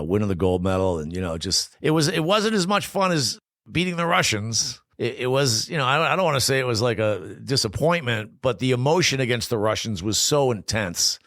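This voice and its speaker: A man in his sixties from Boston, a guest telling lively stories in a casual interview and acting out what people said. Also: lowish voice, no room sound, studio quality. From Boston, United States. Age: 60s. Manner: animated storyteller who acts out quoted voices. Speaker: guest, former Olympic hockey player.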